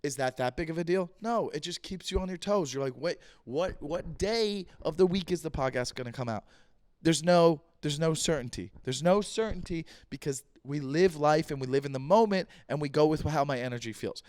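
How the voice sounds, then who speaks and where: A man hosting his own podcast in a loose, jokey monologue, repeating himself, his voice a bit rough this week. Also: fairly high pitch, darkish tone, no room sound, studio quality. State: voice a bit rough, clearing throat. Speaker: podcast host. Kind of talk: casual solo podcast monologue.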